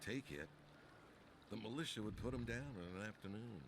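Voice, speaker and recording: Man voicing a gruff scoffing townsman. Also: fairly low pitch, a little fast, background noise, natural voice. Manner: scoffing, matter-of-fact. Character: blunt, dismissive townsman in a game.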